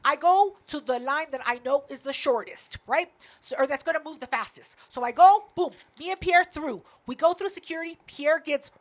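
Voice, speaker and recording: A young woman tells a story on a podcast in a high, lively voice. She swears freely and jumps into other people's lines as she goes. The tone is casual and fast-moving. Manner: animated, swears a lot, acts out quotes. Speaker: podcast co-host.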